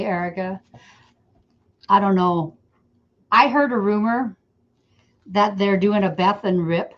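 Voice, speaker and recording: A friendly, talkative middle-aged Canadian woman with a lowish voice demonstrates wreath making on a casual live stream, greeting commenters by name between steps. The audio is a little dull and lo-fi, like a webcam mic.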